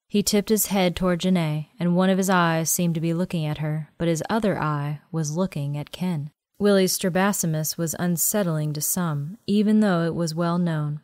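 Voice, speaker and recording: Low-voiced woman narrating an audiobook. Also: no room sound, clean studio sound. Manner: steady, measured storytelling. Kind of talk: scripted narration.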